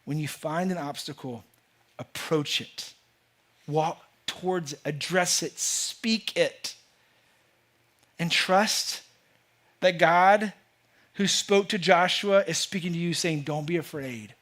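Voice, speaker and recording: A pastor with a high, steady, fairly bright voice speaks slowly and pauses often. Preaching to the congregation in a church sanctuary, he is earnest and emphatic, repeating words and beginning again as he builds his point.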